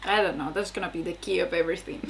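A woman's voice: on the low side, fast talker, vocal fry, a bit bright, slight background noise. A young woman casually reacting aloud to a TV episode, exclaiming, swearing and laughing between remarks. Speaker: reaction video host.

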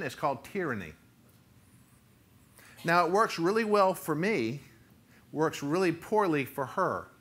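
A middle-aged man, a pastor, preaching a sermon with animated delivery and sudden loud bursts. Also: on the high side. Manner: animated preaching, rising loud for quoted voices.

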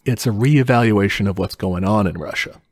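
A man's voice: on the low side, moderate pace, no echo, studio quality. A man co-hosting a casual podcast, telling history in a laid-back way with chuckles and casual swearing. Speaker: podcast co-host explaining history.

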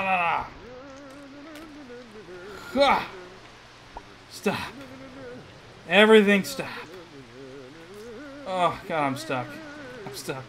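Frustrated high-voiced man playing a game. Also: fairly bright tone, rough recording. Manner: frustrated, groaning and muttering at the game. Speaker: let's play host. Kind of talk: gameplay commentary.

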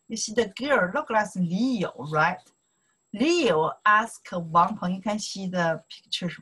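Woman, Chinese accent, husky voice, slow and repetitive, language teacher. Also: medium pitch, a bit bright, poor audio. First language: Mandarin Chinese. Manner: slow, repetitive, drills pronunciation in Mandarin and broken English. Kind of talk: casual online language lesson.

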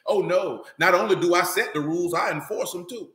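A man preaches with a high, bright voice that swings through loose, street-style talk. He is recorded in an echoey hall, and his voice rings off the walls. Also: fast talker. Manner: loose, street-talking, animated, repeats "you know what I'm talking about". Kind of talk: animated sermon.

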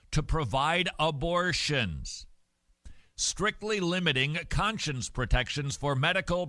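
A man hosting a Christian talk show, giving opinionated commentary in an animated, sarcastic way with jokey asides. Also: mid-range voice, dry recording. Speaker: radio host.

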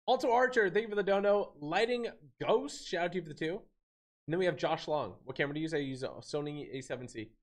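A man live-streaming a game, chatting in slang, reacting loudly and thanking viewers for donations. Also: fairly high pitch, quick pace. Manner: loud hype outbursts, slangy and excitable, reads donations aloud. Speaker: gaming streamer. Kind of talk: live-stream chat while gaming.

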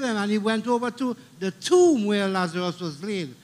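A man's voice: high voice, expressive, moderate pace, a little mellow. A middle-aged man with a Trinidadian accent preaching a funeral sermon, emphatic and repeating key lines, calling out for amens.

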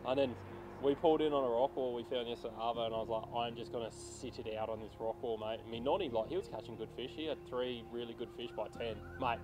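Animated Australian man telling fishing stories. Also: medium pitch, fast talker. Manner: animated storyteller, acts out sounds and quotes. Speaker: tournament angler. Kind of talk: casual chat recapping a fishing day.

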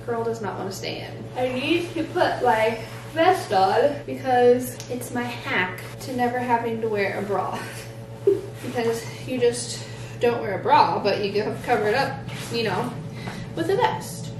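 A woman's voice: a little high, measured pace, background noise. A young pregnant woman chatting casually to a handheld camera as she runs errands and relaxes at home, full of "like" fillers. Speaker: vlogger. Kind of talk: casual vlog chat.

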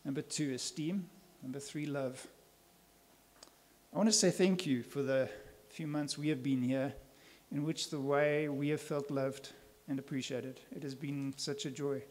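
Male pastor, slightly raised pitch, emphatic church sermon delivery. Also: fairly even intonation, measured pace, darkish tone. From South Africa. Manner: earnest, emphatic preaching with rhetorical questions.

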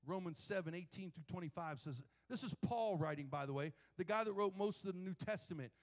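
A man delivers a sermon as pastor, spinning funny stories with animated energy. His voice sits a little higher than most men's. Long reverb from a church sanctuary trails each phrase. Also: brisk. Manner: animated, joking storyteller.

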